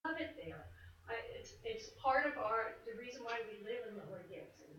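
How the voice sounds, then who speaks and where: A woman's voice: on the high side, lively intonation, normal speed, a bit bright, recorded from a distance, a little hiss or hum. Emotional woman pleading in an echoey chamber. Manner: earnest, pleading, hesitant. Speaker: resident speaking at a council meeting. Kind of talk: public comment. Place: council chamber. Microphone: distant room mic. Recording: echoey, muffled, off-mic council recording.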